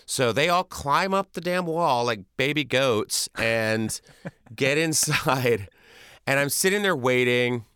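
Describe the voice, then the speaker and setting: Man guest, animated storyteller, bright, smooth voice, dry close sound. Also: mid-range voice, takes it slowly, no echo. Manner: animated, acts out quotes and sounds. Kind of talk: casual storytelling.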